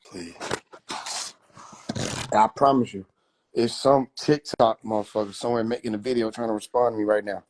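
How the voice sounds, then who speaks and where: A man's voice: fairly low pitch, a little mellow, a little hiss or hum. A man chatting casually on a phone livestream, loose and profane, laughing often. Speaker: livestream host.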